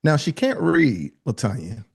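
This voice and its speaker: An energetic speaking coach leads a live online workshop, talking a little slowly with vocal fry and a breathy edge. His delivery is casual and colloquial, high-energy, full of call-and-response and calling on attendees by name.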